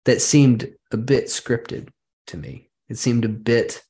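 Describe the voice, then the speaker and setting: A man's voice: medium pitch, takes it slowly, warm tone. A man hosting a podcast, telling a wry, detailed anecdote in casual chat. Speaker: podcast host.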